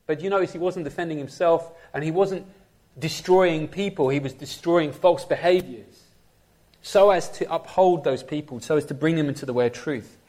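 Lively questioning male preacher. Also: on the high side, normal speed. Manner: lively, asks the congregation questions. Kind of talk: sermon.

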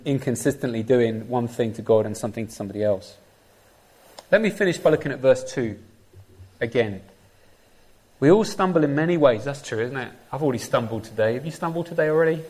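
A man preaching a sermon, often asking the congregation direct questions. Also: mid-range voice. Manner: lively, asks the congregation questions.

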